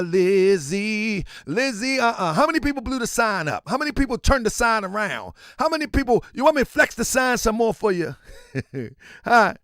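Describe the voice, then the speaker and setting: A man's voice: high-pitched, a bit bright, no echo, clean studio sound. A man hosting his own commentary show, delivering an impassioned monologue with emphatic repetition and strings of rhetorical questions. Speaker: host of a commentary channel.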